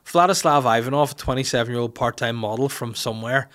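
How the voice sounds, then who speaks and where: A man's voice: mid-range voice, quick pace, fairly bright tone. A young man hosting a podcast in a cheeky, rambling, sweary casual chat. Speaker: podcast host.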